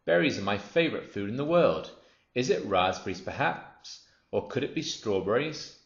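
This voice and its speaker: A man's voice: lowish voice, animated, moderate pace. A man voicing a cheerful, innocent bird with a sing-song lilt in a storybook reading. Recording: roomy, dull lo-fi.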